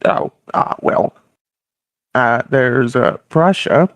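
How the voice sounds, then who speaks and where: A man with a gravelly voice playing a young male America in improvised role-play, hesitant and stammering. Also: medium pitch, slow, no room sound, muffled recording, voice pushed down. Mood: fumbling. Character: young male America, unsure colonial upstart.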